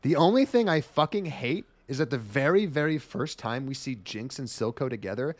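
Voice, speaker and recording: A man's voice: mid-range voice, animated, moderate pace, dry recording. Sweary, rambling male podcaster. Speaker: podcast co-host. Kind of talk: casual podcast chat.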